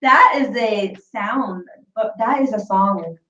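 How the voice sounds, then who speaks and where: A woman's voice: medium pitch, slow pace, pushed and bright. A woman co-hosting a casual live-stream chat show, playful and laughing often. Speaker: co-host. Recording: roomy, distant, dull live-stream audio.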